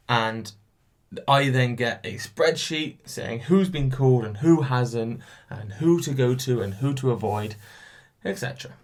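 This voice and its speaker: A young man hosting a solo podcast, chatty and self-mocking, telling stories with some swearing, alone in a room. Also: medium pitch. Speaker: podcast host. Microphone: camera.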